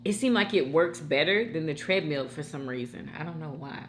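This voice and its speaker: At home, a woman hosts a mukbang, chatting animatedly as she eats and speaking straight to her viewers. Her voice sits low and moves fairly quickly, with a little hiss or hum.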